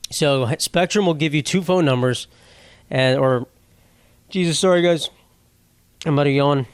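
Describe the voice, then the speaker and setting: A man's voice: fairly high pitch, smooth, dry recording. A young man hosting a casual solo podcast, rambling with crude jokes and silly voices for quoted people. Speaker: podcast host.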